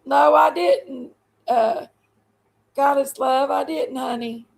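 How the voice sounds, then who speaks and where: Chatty woman with a gravelly, high voice. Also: takes it slowly, rough recording. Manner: rambling, folksy and chatty. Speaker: livestream host. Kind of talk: casual livestream chat.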